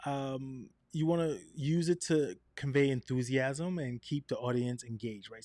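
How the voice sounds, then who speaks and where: Teaching presentation skills for being on camera, this man speaks a little slowly yet with hardly any pauses, his mid-range voice recorded dry. He animatedly varies his tone to illustrate each point and keeps asking "right?"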